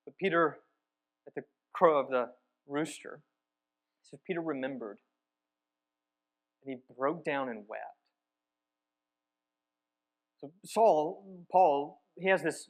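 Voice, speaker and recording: Slightly high-voiced man preaching a story-driven sermon. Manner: storytelling, swinging between emphatic and hushed. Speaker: church teacher.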